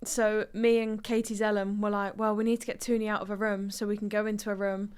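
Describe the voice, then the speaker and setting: A woman's voice: mid-range voice, flat delivery, brisk, smooth. A woman co-hosting a casual podcast chat who laughs often while telling a story. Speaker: co-host, footballer.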